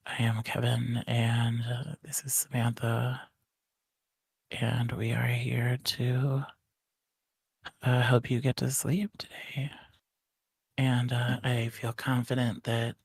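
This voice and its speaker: A man putting on a hushed, breathy voice for a whispered role-play as a sleepy ASMR host. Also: medium pitch, flat delivery, slow, pauses often, no echo, exaggerated voice. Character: mock ASMR host, adult man, soft and drowsy.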